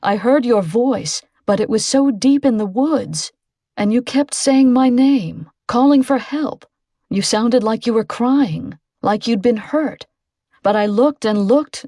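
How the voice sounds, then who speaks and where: A woman reading a novel aloud, voicing a solemn, guarded teenage boy who speaks in an even, serious tone. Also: on the high side, slow pace, dry recording, studio quality, exaggerated voice.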